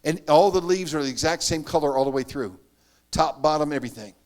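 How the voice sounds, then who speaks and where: A man preaching a sermon, telling his story earnestly, rising to loud emphatic bursts and dropping to hushed asides. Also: on the high side, a little fast. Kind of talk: sermon testimony.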